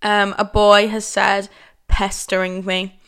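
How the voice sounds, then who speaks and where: A young woman hosts a casual solo podcast, rambling chattily and saying "like" in nearly every sentence. Her medium-pitched voice is level, slow and a bit bright, with a clear, resonant tone.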